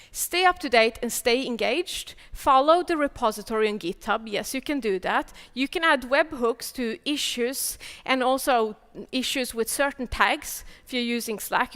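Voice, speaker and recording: A woman giving a technical conference talk, speaking as an energetic, chatty presenter handing out advice. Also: a little high, clean tone, big-room sound. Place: large conference hall.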